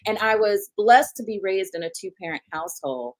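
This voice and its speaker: A woman's voice: mid-range voice, lively intonation, normal speed. A middle-aged woman with a Southern US accent talks as an interview guest. She is chatty and folksy, calls her listeners y'all, and keeps the story moving. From Huntsville, Alabama, USA. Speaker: guest, gynecologist.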